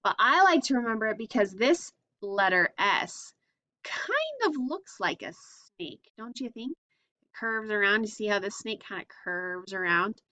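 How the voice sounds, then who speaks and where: A woman's voice: medium pitch, lively intonation, a little slow, bright, forceful tone. A woman teaching a phonics lesson to young children, patiently sounding out letters and asking simple questions.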